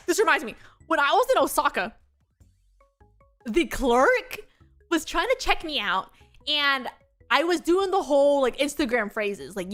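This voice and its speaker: A young American woman with a high, bright voice tells chatty travel stories on her stream. She giggles often and acts out the people she met. Soft music plays faintly behind her. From United States. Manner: giggly, animated storytelling with quoted voices. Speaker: VTuber streamer. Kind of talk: casual chat.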